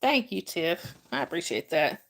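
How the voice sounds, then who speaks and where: A woman's voice: on the low side, big pitch swings, moderate pace, a bit bright. A woman from North Georgia with a Southern accent, chatting on a casual livestream, greeting viewers by name and laughing often. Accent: Southern American. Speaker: livestream host. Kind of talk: casual live-chat stream.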